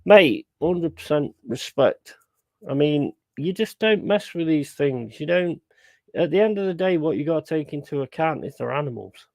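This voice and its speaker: A man's voice: on the high side, expressive, normal speed, creaky, dry recording. A young man chatting casually on a live stream, blunt and sweary, repeating his points for emphasis. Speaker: streamer hosting a football watchalong.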